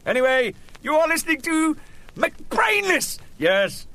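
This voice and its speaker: A man's voice: very high-pitched, sing-song, a little slow, bright, forceful tone. Playful man rambling with jokes. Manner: playful, rambling, chuckling at his own jokes. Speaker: radio show host. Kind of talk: joking casual monologue.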